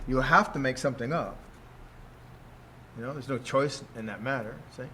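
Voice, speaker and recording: A man's voice: medium pitch, normal speed, bright, forceful tone, slight background noise. An older man teaching in a loose, rambling way, who keeps checking in with "see?" and chuckles often. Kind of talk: casual teaching talk.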